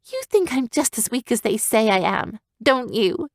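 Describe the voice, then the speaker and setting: A woman's voice: very animated, moderate pace, no room sound, clean studio sound. Woman voicing a fierce young human girl. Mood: pleading. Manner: high, strained, intense outbursts. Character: headstrong young human girl raised among griffins, fierce and restless.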